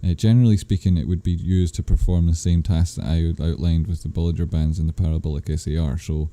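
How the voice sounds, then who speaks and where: A man with a low, very dark voice hosts a live stream. He reads viewers' questions aloud and answers in a loose, rambling way, correcting himself often. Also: fairly even intonation, quick pace. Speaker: livestream host answering chat. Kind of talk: casual live-stream chat.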